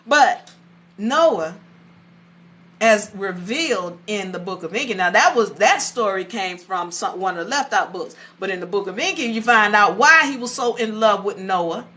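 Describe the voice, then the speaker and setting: A woman giving a casual, animated lecture, retelling stories conversationally. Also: medium pitch, moderate pace. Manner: animated, conversational, acts out voices. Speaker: teacher.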